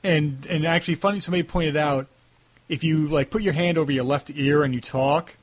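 A man's voice: fairly high pitch, fairly quick. A man with a Long Island accent hosting an interview, easygoing and chatty, laughing along. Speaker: podcast host. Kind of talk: casual interview chat.

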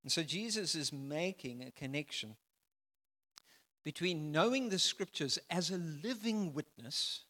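A man preaching a sermon, emphatic, swinging from loud declarations to soft, quiet phrases. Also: fairly high pitch, expressive, a little slow, long reverb tail. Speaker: pastor.

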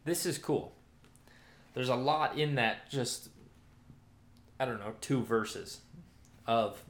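A man's voice: medium pitch, takes it slowly, pauses often. A man giving a casual Bible teaching, talking conversationally with many fillers and restarts. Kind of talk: casual sermon-style teaching. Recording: roomy echoey room.

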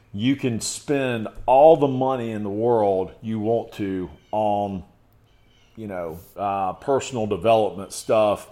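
A man's voice: lowish voice, darkish tone. A man as a podcast guest in casual conversation, laying out his points in emphatic lists and checking in with "okay".

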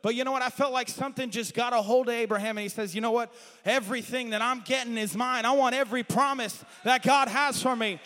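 A man preaches a passionate sermon, his voice rising to shouts and falling to quiet asides, and he admits he has strayed from his notes. His voice is very high with a steady tone, he speaks fast, and the recording has a long reverb tail.

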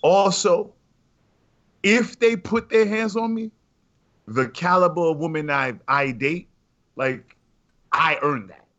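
Man, podcast host, casual banter, slightly high voice, bright tone. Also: slow, pauses often, dull audio. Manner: laughing, animated banter. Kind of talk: casual chat.

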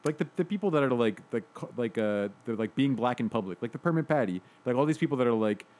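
A man's voice: medium pitch, expressive, fast, darkish tone. A man co-hosting a podcast in casual chat, rambling with lots of filler words. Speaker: podcast co-host.

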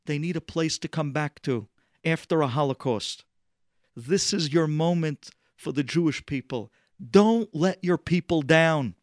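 A man's voice: a little high, no room sound, clean studio sound, pitched above the performer's own voice, close to an everyday voice. A man voicing urgent pleading men. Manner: raised, urgent, slow pleading. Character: earnest men pleading for their people.

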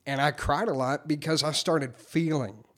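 A man telling his recovery story in casual, candid talk, swearing freely and getting animated when he quotes himself. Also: fairly high pitch, moderate pace.

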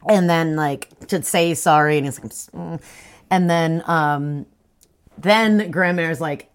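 A young woman co-hosting a casual book discussion, retelling the plot with animated, laughing asides and swearing, acting out characters as she goes. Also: low voice, slow, clear, resonant tone. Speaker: podcast co-host.

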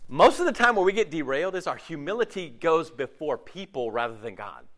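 A man preaching a sermon in an animated, conversational way, acting out voices as he talks. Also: fairly high pitch, brisk, hardly any pauses. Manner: animated, acts out quoted voices, swings loud and quiet.

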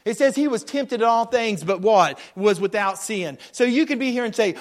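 A man preaching a sermon as a pastor, passionate, swinging between loud declarations and quiet asides. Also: high-pitched, expressive. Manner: passionate preaching, rising and falling in volume, quick asides. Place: church sanctuary.

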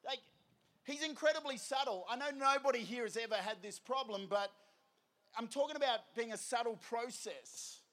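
A man preaching an energetic, conversational sermon full of rhetorical questions. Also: very high voice, normal speed. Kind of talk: evangelistic sermon.

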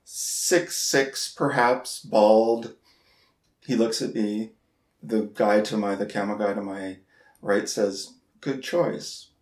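A man's voice: lowish voice, little pitch movement. Man telling a story in a roomy echo. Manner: halting, repeats words, laughs at himself. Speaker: podcast co-host. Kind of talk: casual storytelling chat.

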